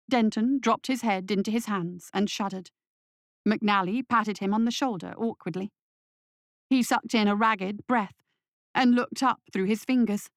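A woman narrating a dark story in a steady, measured audiobook reading. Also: mid-range voice, dry recording, clean studio sound. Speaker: audiobook reader.

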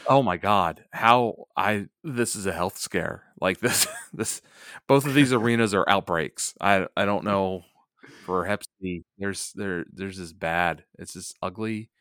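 A man's voice: deep voice, a little slow, a bit bright, no echo, studio quality. A man co-hosting a casual podcast chat, making wry asides and laughing often. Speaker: podcast co-host.

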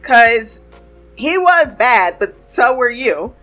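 A woman with a fairly high voice recaps a TV episode in a loose, conversational way. She laughs a lot, swears freely and drops into quick asides. Faint music plays under her voice. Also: big pitch swings, fairly bright tone. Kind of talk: casual spoken recap.

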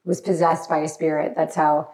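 A woman's voice: sits low, little pitch movement, normal speed, a little mellow. A woman guest telling a frightening personal story in a podcast chat, emotional and apologetic, sometimes crying, with many restarts. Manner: tearful, apologetic, restarts often. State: crying at times.

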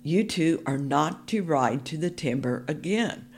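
A woman reading a storybook and voicing a stern but caring older nun who speaks in a firm, deliberate way. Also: deep voice, expressive, darkish tone, a little hiss or hum.

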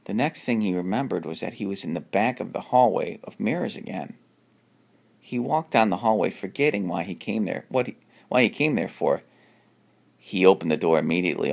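A man reading his own homemade horror story aloud, stumbling and restarting often, and jumping up in pitch for the characters' lines. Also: creaky, darkish tone. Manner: unpolished reading with frequent restarts.

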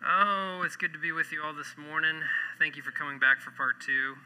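Bright-voiced, animated pastor. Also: male voice, a little high, brisk, clear, resonant tone, poor audio. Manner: jokey, animated storyteller. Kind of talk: sermon. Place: church.

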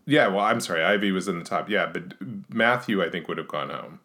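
A woman's voice: extremely low pitch, fairly quick, a bit bright. A woman co-hosting a podcast in casual chat, adding dry, wry asides. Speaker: podcast co-host.

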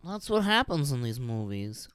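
A co-host in casual conversation with a lively, up-and-down pitch, dropping short dry remarks and finishing the other person's sentences. The recording is dry and close, with no echo. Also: moderate pace, smooth. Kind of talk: casual chat.

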